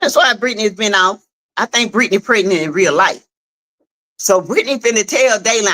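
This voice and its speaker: A woman with a Southern US accent giving animated, casual livestream commentary on a web skit series, talking straight to viewers. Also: medium pitch, a little fast. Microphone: streaming setup.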